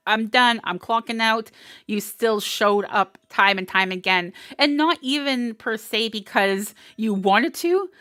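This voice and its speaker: A woman's voice: medium pitch, a bit bright, smooth, dry recording, clean studio sound. A woman giving a live tarot reading, emotional and encouraging, often laughing. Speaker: tarot reader. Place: indoors, live stream.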